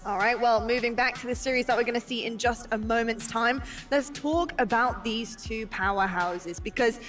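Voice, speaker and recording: A woman with a fairly high voice hosts a live esports broadcast and runs through bracket updates in an upbeat, brisk way. Faint music plays underneath her. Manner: animated, laughing, then brisk bracket rundown. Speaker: esports broadcast desk host.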